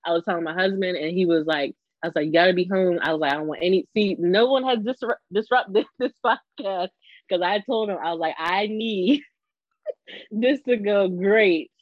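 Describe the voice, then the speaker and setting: A young adult woman speaks at a moderate pace in a mid-range voice while co-hosting a podcast, chatting warmly and effusively with a guest. She laughs frequently and acts out people's words in quoted asides, and the audio is dull with no echo.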